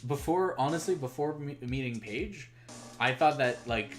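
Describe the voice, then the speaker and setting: A man's voice: medium pitch, animated, normal speed, faint music behind. A man from French Canada with a French Canadian accent, chatting casually and poking fun at himself while reading a game aloud. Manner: rambling, self-mocking, many "like"s.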